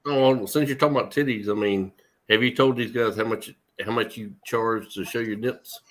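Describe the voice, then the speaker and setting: A man's voice: medium pitch, fairly even intonation, moderate pace. A man joking and teasing the others in casual podcast banter.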